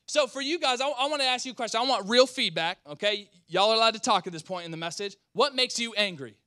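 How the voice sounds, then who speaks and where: A male pastor preaching a sermon, calling out to the congregation, swinging from loud outbursts to quiet, close talk. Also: very high voice, quick pace, no room sound. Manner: animated, swings between shouting and quiet; talks back and forth with the congregation.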